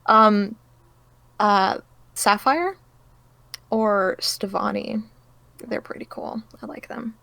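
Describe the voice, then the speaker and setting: A woman's voice: medium pitch, slow, gravelly, long pauses, pushed and bright, dry recording. A woman who does voice acting, answering interview questions casually, laughing often and hesitating with fillers. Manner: giggly, hesitant with many fillers. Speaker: voice actor, interview guest.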